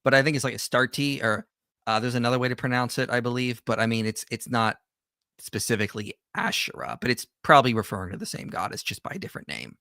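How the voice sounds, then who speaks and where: A man's voice: mid-range voice, expressive, fast talker, sharp tone, no room sound, studio quality. A man hosting a livestream, giving conversational reaction commentary with frequent restarts and self-corrections. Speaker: host.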